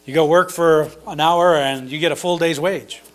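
High-voiced man preaching casually. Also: fairly even intonation, normal speed. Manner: conversational, explaining scripture with asides and fillers. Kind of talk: informal sermon.

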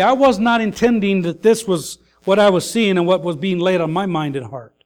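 A man preaching a sermon, earnest and grieving his mother, pausing with fillers and rising to emphatic calls. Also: sits high. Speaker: pastor.

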